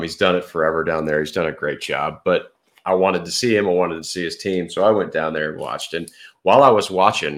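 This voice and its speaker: A middle-aged man, a podcast guest, telling a relaxed story in casual chat. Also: deep voice. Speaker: podcast guest, former pro golfer.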